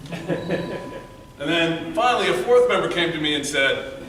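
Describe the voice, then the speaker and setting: A man giving a prepared storytelling speech at a speech contest, earnest, moving between loud emphasis and quiet, hushed passages. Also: fairly high pitch, lively intonation, measured pace. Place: meeting room before an audience. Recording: echoey room, mic from far off, faint noise.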